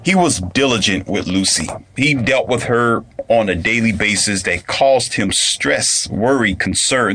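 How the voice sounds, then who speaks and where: A man's voice: on the low side, fairly quick, bright, forceful tone. A man delivering an emphatic, repetitive ranting monologue as a commentator. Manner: emphatic, repetitive, restarts phrases.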